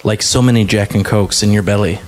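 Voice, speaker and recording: A man's voice: fairly low pitch, steady tone, brisk, soft background music. A man hosting a podcast in laid-back, casual banter. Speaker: podcast host.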